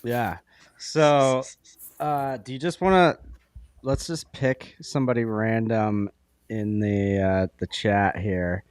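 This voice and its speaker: A man co-hosting a casual livestream, unhurried and hesitant, with many fillers. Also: fairly low pitch, fairly even intonation, clean tone, no room sound, studio quality. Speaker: stream co-host.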